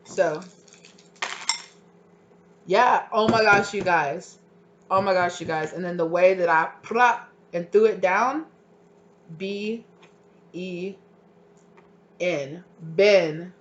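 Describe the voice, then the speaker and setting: A tarot reader giving a casual pick-a-card reading, rambling with lots of filler likes and sudden excited bursts. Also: mid-range voice, slow pace, long pauses, highs cut off.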